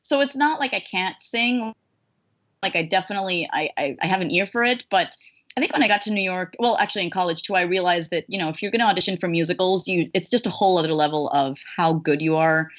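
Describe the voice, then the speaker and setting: A woman voice actress chatting as an interview guest, animated, with lots of fillers and restarts. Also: on the low side, quick pace, lo-fi sound. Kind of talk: casual interview chat.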